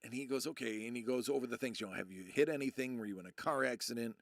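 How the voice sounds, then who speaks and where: Gravelly-voiced man telling a story. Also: fast, dry recording, clean studio sound. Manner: rambling, self-interrupting, acts out quotes in a low voice. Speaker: streamer. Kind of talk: casual storytelling to a live chat.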